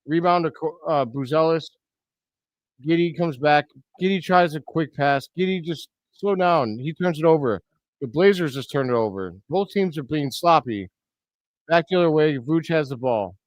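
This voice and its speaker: A man hosting a live reaction stream, giving blunt, excitable play-by-play commentary with loud outbursts. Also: fairly high pitch, normal speed, no echo. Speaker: host of a fan reaction stream.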